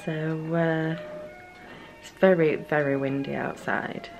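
A woman talks casually in a home vlog as a new mother. Her voice sits fairly low, and she speaks slowly. Her easy chat often turns sing-song when she addresses her baby. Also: flat delivery, vocal fry, music in the background. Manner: chatty, slips into sing-song baby talk.

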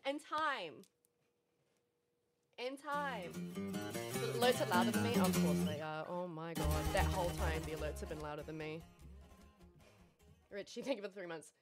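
A woman's voice: on the low side, expressive, moderate pace, pauses often, over loud music. A woman in her thirties with a New Zealand accent, livestreaming in casual chat, frazzled and laughing as she rattles off thank-yous, out of breath. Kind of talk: casual live-stream chat.

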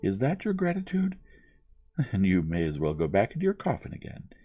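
A man voicing a fearless, cheerful young hero who talks in bold, confident retorts, in a soft bedtime storybook reading. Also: low voice, big pitch swings, moderate pace, gravelly, slightly rough, muffled recording, faint music behind, full character voice. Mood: defiant.

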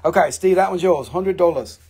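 A man's voice: sits high, brisk, darkish tone, breathy edge. A man hosting a casual live sale, rambling and joking, swearing freely as he shows his pieces. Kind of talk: casual live sales stream.

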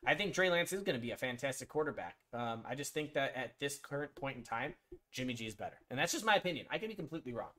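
A man's voice: medium pitch, animated, fast, fairly bright tone. Rambling man live-streaming game picks. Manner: rambling, talks to chat viewers, frequent ums and restarts; blunt, mildly profane opinions. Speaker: streamer making sports picks. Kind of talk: casual live-stream chat.

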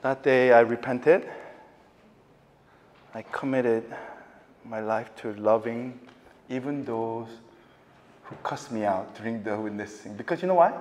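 A man giving a casual preaching lecture, telling stories with many fillers and getting loud and excited at times. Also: measured pace, long pauses, long reverb tail, slight background noise. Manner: animated storytelling, many fillers, voice jumping high and loud when excited. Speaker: lecturer at a ministry training.

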